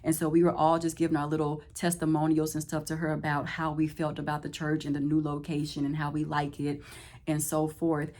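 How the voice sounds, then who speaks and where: A woman chats to the camera, and her slightly low voice leaps up high whenever she acts out someone else's words. She laughs often and keeps the story moving in lively, casual bursts. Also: brisk. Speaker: vlogger. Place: Houston, Texas.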